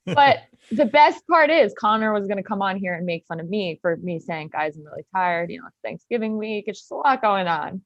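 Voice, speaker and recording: A woman's voice: mid-range voice, expressive, brisk, few pauses, no room sound. Teasing woman on a dull, dry call line. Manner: teasing, playful. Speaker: podcast co-host. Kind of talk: casual podcast banter.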